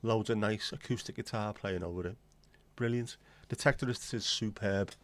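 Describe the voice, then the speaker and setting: A man's voice: on the low side, normal speed, a bit bright. A man in his forties from England, chatting casually as a livestream host, opinionated and blunt, rambling from one aside to the next. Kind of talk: casual chat.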